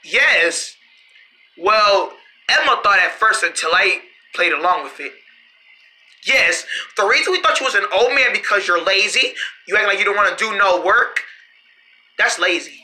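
A storyteller voicing several characters in playful role-play, often laughing and shouting in quick back-and-forth. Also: medium pitch, animated, poor audio.

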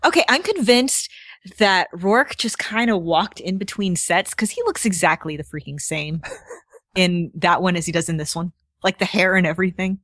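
A woman co-hosts a film podcast in a relaxed, joking way and laughs often. Her voice sits on the low side for a woman. The recording is dry and close. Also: moderate pace, no room sound. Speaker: podcast co-host. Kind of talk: casual chat about films.

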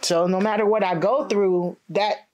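A woman's voice: mid-range voice, steady tone, measured pace, a little mellow, lo-fi sound, slight background noise. Reflective woman sharing her testimony. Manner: reflective storytelling, acting out quotes. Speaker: guest. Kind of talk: personal testimony in interview.

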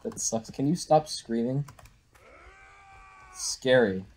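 A young man giving excitable live commentary while playing a shooter game at home on a desktop microphone. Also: mid-range voice, takes it slowly. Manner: excitable, reactive, frequent exclamations. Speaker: gaming YouTuber.

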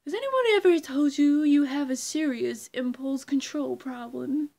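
A smug, unhinged male supervillain gloats in a hammy, drawn-out way, as a woman puts him on. His lines are stretched slowly and pushed a little high. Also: vocal fry, darkish tone. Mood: gloating.

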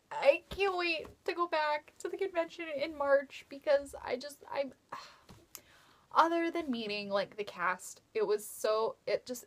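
A young woman tells a story to her webcam late at night, her voice a touch high. She gushes and rambles with breathless excitement, breaking into squealing outbursts. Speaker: fan vlogger. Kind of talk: casual storytelling vlog. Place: bedroom at night.

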